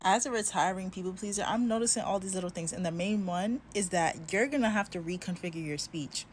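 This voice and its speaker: Animated woman telling a story casually. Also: mid-range voice, a little fast, soft background music. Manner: animated, conversational, acts out others.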